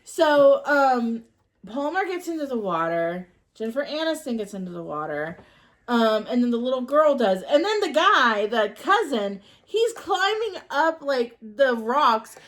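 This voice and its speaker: A woman co-hosting a podcast, recapping a movie plot in a rambling, halting way full of ums. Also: high voice, big pitch swings, fairly bright tone. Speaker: podcast co-host. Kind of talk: casual chat recapping a movie.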